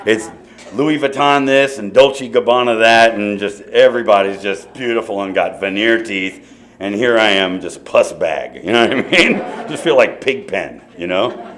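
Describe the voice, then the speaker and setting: A man's voice: fairly low pitch, fairly bright tone. A middle-aged man speaking at a recovery meeting, telling his story in a loose, conversational way with many asides. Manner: conversational storytelling with asides and repeated "you know". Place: meeting hall before an audience.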